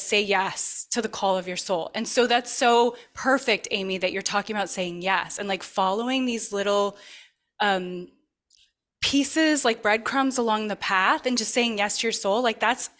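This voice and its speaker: Chatty woman host, slightly high voice. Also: fairly bright tone. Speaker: podcast host. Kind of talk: casual interview chat.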